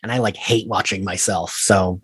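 Chatty male podcast host, husky voice. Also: low-pitched, fairly even intonation, moderate pace, fairly bright tone, dry recording. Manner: chatty, laughing often. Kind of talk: casual chat.

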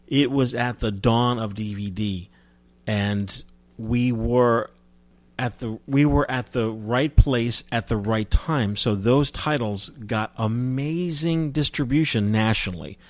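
A man's voice: medium pitch, slow, no room sound. Chatty male interview guest, dry sound. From New Jersey, US. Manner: chatty, with frequent restarts. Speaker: guest, film distributor. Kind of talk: casual interview storytelling.

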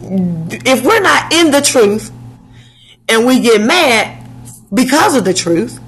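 A woman preaching a slow sermon to her channel's viewers, asking rhetorical questions and answering them. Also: fairly high pitch, very animated, fairly bright tone, husky, low-quality recording.

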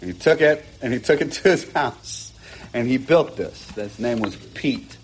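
A man's voice: mid-range voice, expressive, measured pace, a little hiss or hum. Man preaching an earnest sermon. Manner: earnest, emphatic preaching with rising bursts and asides. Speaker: pastor. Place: church, preaching from a pulpit.

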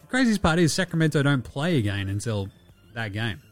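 Laid-back Australian podcast host. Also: male voice, medium pitch, very animated, a little fast, faint music behind. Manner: casual, joking, profane. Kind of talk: casual show outro and plugs.

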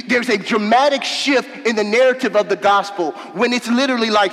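A man preaching a sermon as pastor, emphatic, with folksy asides, swinging from shouts to low murmurs. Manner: casual, folksy asides to the congregation. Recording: long hall reverb.

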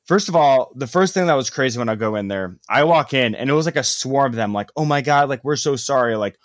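A man's voice: medium pitch, animated, fast talker, dry recording, studio quality. A young man telling a long story in casual chat, rambling with lots of "like" and casual swearing.

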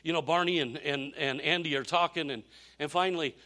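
A male pastor preaching, telling a story with animated energy and repeated phrases. His voice sits fairly high, with a bright, forceful edge. He swings between loud bursts and soft, low passages. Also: brisk. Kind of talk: sermon with storytelling.

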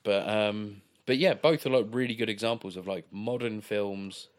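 A man, co-hosting a podcast and discussing a film in a relaxed way, with lots of fillers like "like". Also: fairly low pitch, moderate pace. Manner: relaxed, filler-heavy, agreeable. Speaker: podcast co-host.

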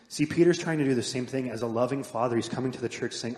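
An earnest male pastor delivering a sermon in an easy, conversational way. He lifts his voice to drive points home, then lets lines trail off quietly. His voice sits at a middling pitch and rings through a roomy sanctuary with a long reverb tail. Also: fairly even intonation, fast, few pauses. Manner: earnest, builds up then drops to soft emphatic endings. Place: church sanctuary. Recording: echoey hall with long reverb.

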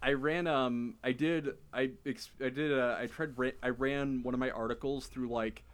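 Halting young man reading posts. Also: mid-range voice, fairly even intonation, clean tone. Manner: halting, many fillers and restarts. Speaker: podcast host. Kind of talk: casual podcast chat, reading online posts.

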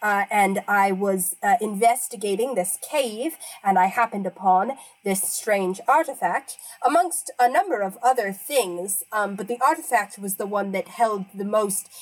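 A woman's voice: mid-range voice, close to an everyday voice, rough recording. A woman voicing a polite, nerdy male wizard scholar who speaks formally and hesitates often. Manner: hesitant, filler-heavy, formal. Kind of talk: in-character tabletop role-play.

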